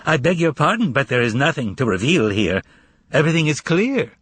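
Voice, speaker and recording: A man's voice: on the high side, big pitch swings, brisk, fairly bright tone, husky, no room sound, voice pushed up, heavily acted. A man voicing a sly, mocking male magician's assistant who talks in a mock-polite, teasing way.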